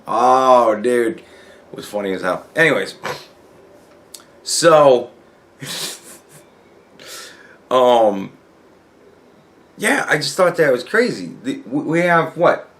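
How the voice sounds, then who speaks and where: A man's voice: mid-range voice, a bit bright. A young man telling a work story in a casual, profane rant, acting out the dialogue. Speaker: vlogger.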